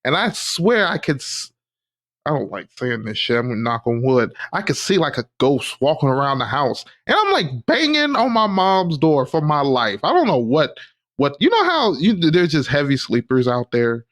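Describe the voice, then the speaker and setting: A young adult man co-hosting a podcast, telling stories in a rambling, animated way full of fillers. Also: a little high, moderate pace. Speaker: podcast co-host. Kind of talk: casual chat.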